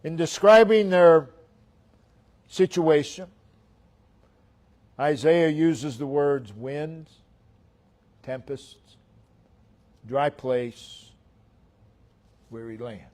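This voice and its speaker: A man preaching a sermon, repeating phrases in a rhythmic cadence, his voice swelling for emphasis and then dropping almost to a hush. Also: a little high, very slow, pauses often. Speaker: pastor.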